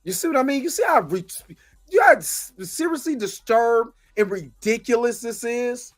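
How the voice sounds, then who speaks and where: In an impassioned livestream from the United States, the host speaks with an extremely high pitch, lively intonation and a bit of brightness at a moderate pace, soft music underneath. Frustrated, he repeats himself and thanks viewers by name.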